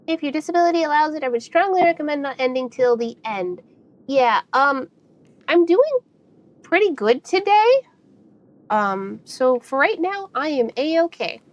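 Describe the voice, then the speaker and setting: A woman's voice: high voice, animated, normal speed, lo-fi sound. A young woman streaming a game, chatting casually with viewers, full of fillers and easy laughter. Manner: chatty and warm with chat, frequent fillers and laughs. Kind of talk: casual gaming stream chat.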